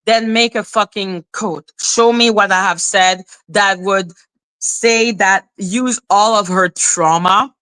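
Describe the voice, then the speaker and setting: A woman's voice: medium pitch, slow pace, a bit bright, clean tone. A woman giving casual reaction commentary as a YouTuber, blunt and profane as she talks back at clips.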